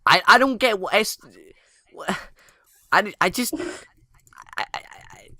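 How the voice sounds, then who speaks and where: Male co-host, lively and bright, rambling, laughs a lot, dry close sound. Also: high voice, slow pace, no room sound. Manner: giggly, rambling, stumbles over words. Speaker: podcast co-host. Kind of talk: casual chat.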